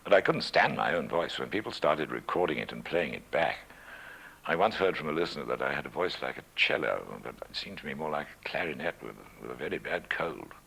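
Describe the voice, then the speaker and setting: An older man with a very deep, gravelly voice looks back on his broadcasting days in a dry, self-mocking way. His pitch moves a great deal as he tells his stories. A faint hum sits under the recording. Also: expressive, pushed and bright, rough recording. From Scotland, raised in England. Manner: measured, wry, self-deprecating. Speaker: interviewee, former radio newsreader. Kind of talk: reminiscing interview. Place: at home.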